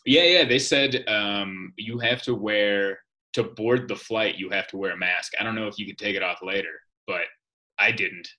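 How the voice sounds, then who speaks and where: A man with a bright, forceful voice and a slightly low pitch, chatting casually as a guest. He tells wry, joking stories, with a comedian's timing. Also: moderate pace, lo-fi sound. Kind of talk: casual podcast chat.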